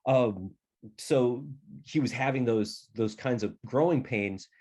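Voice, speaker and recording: A man's voice: medium pitch, slow, darkish tone. A middle-aged man, an author, chatting casually and telling anecdotes, sometimes acting out other people's voices. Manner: chatty, acts out family members' voices in anecdotes. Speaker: author guest. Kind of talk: casual storytelling conversation.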